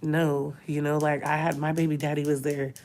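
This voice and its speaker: A woman's voice: deep voice, level tone, moderate pace, darkish tone, a little hiss or hum. A woman, crying as she talks openly in a personal vlog from a hospital room. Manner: tearful, talks through crying. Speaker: vlogger.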